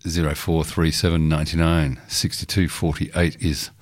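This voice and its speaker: Australian male radio host, very low voice, dry studio sound, loose rambling delivery. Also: level tone, moderate pace, dry recording. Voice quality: rambling, with frequent ums and uhs. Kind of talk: live radio talk.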